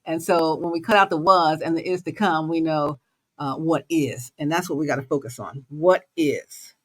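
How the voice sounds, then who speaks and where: A woman hosting her own show and talking straight to her listeners. Her delivery is animated, jumping between high and low notes and between loud and soft. She laughs often through her casual motivational talk. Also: moderate pace. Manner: animated, swings pitch and loudness, laughs often. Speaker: host.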